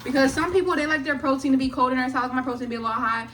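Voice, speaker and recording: Talking fast in a high-pitched voice, a young vlogger cooks at home and narrates each step with swearing and jokes. A phone on a charger, away from the stove, picks her up against a noisy background.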